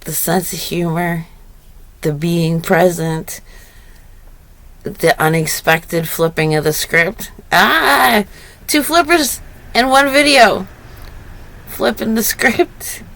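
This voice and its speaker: Slow-talking woman, laughing through stories. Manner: laughs often while telling stories; animated retelling, rising pitch when excited. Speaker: vlogger. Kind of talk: reflective spiritual talk.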